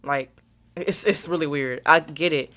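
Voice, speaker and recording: A woman's voice: sits low, steady tone, a little slow, a bit bright. A young adult woman, a college student, chatting casually to her viewers, rambling and thinking aloud while she searches her phone. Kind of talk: casual vlog chat to viewers.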